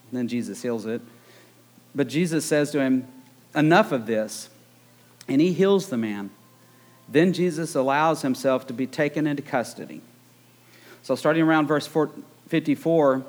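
A man preaching a conversational sermon, retelling the story with joking asides. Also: mid-range voice.

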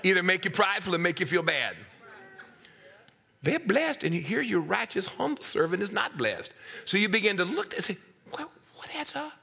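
A middle-aged man preaching a sermon, swinging from hushed asides to loud, acted-out voices. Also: high-pitched, very animated, normal speed, gravelly, husky.

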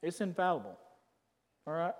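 A man preaching a sermon as pastor, emphatic, swinging between loud declarations and quiet asides. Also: fairly high pitch, big pitch swings, normal speed, in a large hall.

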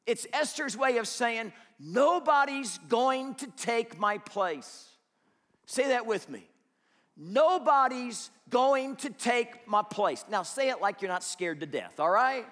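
Male pastor, high voice, dramatic sermon delivery, reverberant church recording. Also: expressive, slow pace. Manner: dramatic, swings from hushed to loud, acts out quotes.

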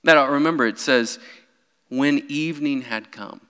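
A young man preaching a sermon in a church, animated, with his voice rising whenever he quotes someone crying out. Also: medium pitch, measured pace, clean tone. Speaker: pastor. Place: church sanctuary. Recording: long hall reverb.

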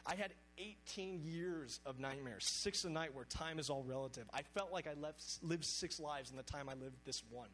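A male preacher delivers an earnest sermon in a somewhat high voice. He reads scripture with weight and emphasis. A faint hum runs under the recording. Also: moderate pace, few pauses, a bit bright, poor audio.

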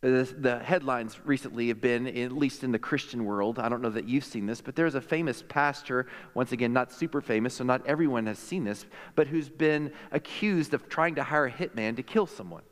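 Animated male preacher in a reverberant hall. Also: medium pitch. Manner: animated, jokey preaching with quick asides to the crowd. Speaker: pastor. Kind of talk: sermon.

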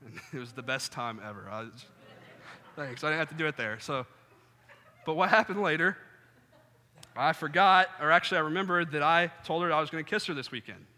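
A young man preaching a sermon, telling funny stories and acting out scenes with sudden loud outbursts. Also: a little high, brisk, long pauses. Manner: animated, jokey, acts out scenes with sudden loud bursts. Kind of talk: sermon with storytelling. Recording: long hall reverb.

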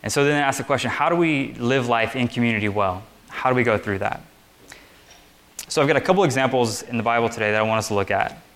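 A young man preaching a casual sermon to a group seated on chairs. He talks in a relaxed, conversational way with lots of fillers. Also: medium pitch, fast talker. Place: meeting room with chairs.

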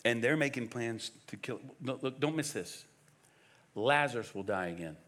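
A man preaching a sermon as pastor, emphatic and animated, firing off rhetorical questions. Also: medium pitch, moderate pace.

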